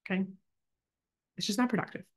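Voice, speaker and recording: A woman's voice: mid-range voice, a little fast, breathy edge. A woman in her thirties leading a casual online parenting class, chatty and full of "like" and "right?", who sometimes acts out a child's thoughts in a small voice. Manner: chatty, many "like" and "right?" tags. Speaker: parent educator.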